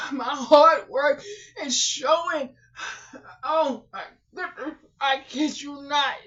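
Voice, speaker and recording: A woman who runs a small online shop is speaking in an emotional vlog at home while crying. She repeats exclamations and swings between sobbing outbursts and hushed murmurs. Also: high voice, takes it slowly. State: tearful, crying. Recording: dull lo-fi recording.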